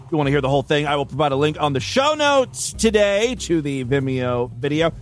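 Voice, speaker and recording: Guy hosting a podcast, high-pitched, super animated, crude and irreverent. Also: fairly quick. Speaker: podcast host. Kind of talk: crude comedic commentary on clips.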